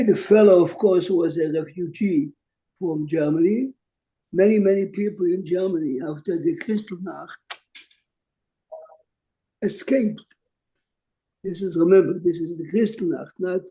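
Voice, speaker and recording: A man's voice: sits high, warm tone, rough recording. An older man from Jerusalem, a rabbi teaching an online class and telling stories in English sprinkled with Hebrew terms.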